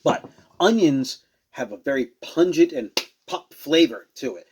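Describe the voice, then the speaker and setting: A man's voice: on the high side, expressive, measured pace, background noise. Guy tasting beers at home, rambling, lots of uhs, hunting for the right word. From Rhode Island. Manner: rambling, searching for words, fillers. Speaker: beer reviewer. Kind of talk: casual tasting review.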